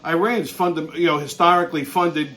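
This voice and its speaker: A man's voice: fairly high pitch, fairly even intonation, moderate pace, fairly bright tone, soft background music. A man hosting his show, ranting bluntly in a heavily profane monologue and laughing through his own stories. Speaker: show host.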